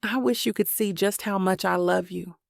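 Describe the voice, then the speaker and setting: A woman narrator voicing a tender, apologetic young husband in an audiobook, speaking softly and sincerely. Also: medium pitch, steady tone, normal speed, gravelly, no room sound, studio quality, close to an everyday voice. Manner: soft, sincere, pleading. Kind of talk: audiobook character voice.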